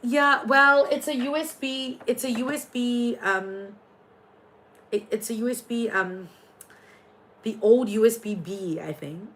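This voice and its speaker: Chatty, slightly high-voiced woman livestreaming. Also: a little slow, fairly bright tone, a little hiss or hum, rough recording. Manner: chatty, playful, jumps between comments. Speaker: livestream tarot and astrology reader. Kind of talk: casual livestream chat reading viewer comments.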